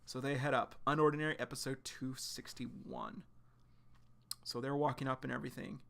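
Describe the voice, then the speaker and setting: A man streaming live, retelling a webcomic chapter in quick, casual narration with sudden excited outbursts. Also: mid-range voice, creaky. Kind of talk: live reading and reaction.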